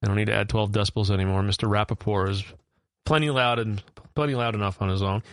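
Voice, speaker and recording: A man chatting casually on a stream, tossing in quick joking asides. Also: on the low side, steady tone, clear, resonant tone, dry recording, clean studio sound.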